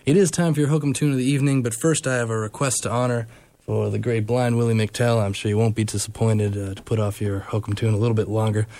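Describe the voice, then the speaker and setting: A man with a low-pitched voice hosting a radio show. He introduces records casually and often pauses on fillers and restarts. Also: little pitch movement, dark tone, no echo. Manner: hesitant, frequent fillers.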